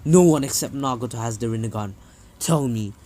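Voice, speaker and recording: A young man voicing an old male ninja mentor who talks loudly and insistently in a fan story. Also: medium pitch, fairly quick, voice pushed down, natural voice. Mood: demanding. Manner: loud and insistent.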